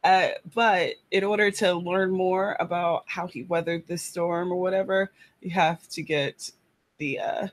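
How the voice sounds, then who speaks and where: A woman writer, chatting casually to her live-stream viewers from her apartment, rambling with lots of fillers. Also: fairly low pitch. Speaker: writer hosting a live chat. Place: apartment room.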